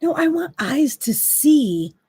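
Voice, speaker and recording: A woman's voice: sits high, very animated, takes it slowly, dark tone, no room sound. A woman hosting a faith-based monologue, talking in an impassioned, exasperated, preachy way. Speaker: Christian talk host.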